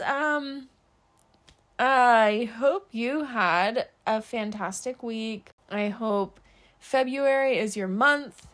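A woman's voice: on the high side, fairly bright tone. A young woman hosting a casual solo podcast, chatting upbeat about her day with a lot of fillers. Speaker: podcast host.

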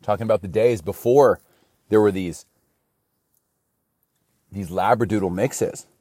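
A man's voice: lowish voice, unhurried, mellow, husky, dry recording. A man talking in a rambling, slangy casual monologue in a studio, saying bro a lot.

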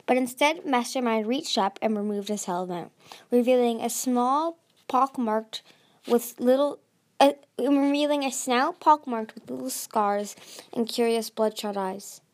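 A woman's voice: fairly high pitch, measured pace, a little mellow. Woman narrating a fantasy audiobook. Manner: reads with frequent slips and restarts. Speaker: audiobook reader.

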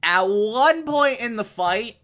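A man's voice: extremely high pitch, expressive, slow, a bit bright. A man giving a comedic recap of a cartoon episode, sarcastic and prone to exasperated rants. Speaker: show recap host.

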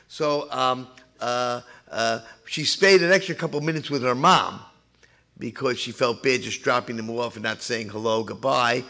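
Gravelly older pastor telling a story. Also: male voice, mid-range voice, moderate pace, bright, forceful tone. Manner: chatty, humorous, acts out voices. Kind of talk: storytelling sermon.

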